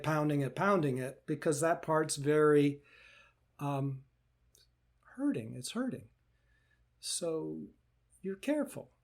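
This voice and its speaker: A man teaching meditation in a live question-and-answer session, speaking gently and reassuringly and often repeating phrases. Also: fairly high pitch. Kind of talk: live Q&A talk.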